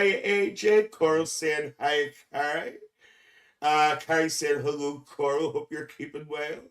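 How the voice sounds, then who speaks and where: Bloke putting on a cheeky auntie, calls everyone dear, raised voice, sits back off the mic. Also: male voice, sits high, fairly bright tone, distant mic. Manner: gossipy, calls everyone dear, laughs often. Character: chatty older auntie, gossipy and cheeky. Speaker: livestream host. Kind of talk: live stream chat in character.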